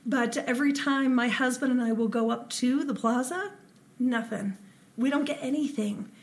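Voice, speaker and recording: A woman's voice: high voice, moderate pace. A woman from Ohio, co-hosting a podcast and telling paranormal stories in casual chat, with frequent ums. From Ohio, USA. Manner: chatty storyteller with frequent ums and laughs. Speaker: podcast co-host.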